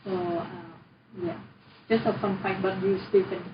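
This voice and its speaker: A woman's voice: medium pitch, fairly even intonation, distant mic. A young woman from Vietnam with a Vietnamese accent, tutoring a student in an online lesson and patiently modeling each word. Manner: patient, encouraging, models words slowly. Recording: roomy, dull audio with noise.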